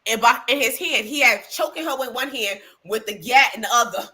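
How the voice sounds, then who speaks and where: Bright-voiced woman gossiping. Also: a little high, a little fast. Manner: animated, profane storytelling with many fillers. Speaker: podcast co-host. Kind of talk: casual gossip chat.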